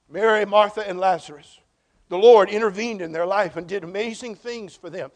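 High-voiced male preacher, emphatic. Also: moderate pace. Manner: emphatic preaching with repeated rhetorical questions; quiet storytelling in parts. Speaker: pastor. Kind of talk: sermon.

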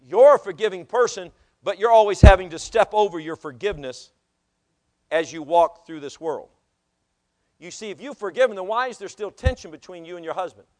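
Male pastor, sermon, high voice, loud exhortation, hushed asides, church. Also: animated, a little fast. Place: church sanctuary.

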